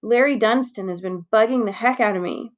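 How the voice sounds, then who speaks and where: A woman reading aloud as a playful boy friend, with a slow, teasing delivery. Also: on the high side, lo-fi sound, natural voice. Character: young boy, joking best friend on the phone.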